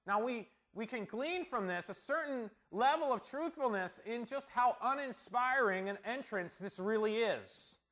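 A middle-aged man preaches in a high, light voice. He talks the text through casually and asks his listeners rhetorical questions, rising loud for emphasis and dropping to near-murmurs for asides. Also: expressive, measured pace, few pauses. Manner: conversational, rhetorical questions, swings from loud to soft. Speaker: pastor. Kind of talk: sermon.

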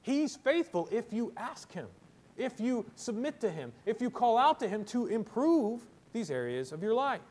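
A man with a fairly high voice preaches a sermon as pastor. He leans on words and repeats them for emphasis, swinging between loud exhortation and quieter asides. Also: sing-song, normal speed.

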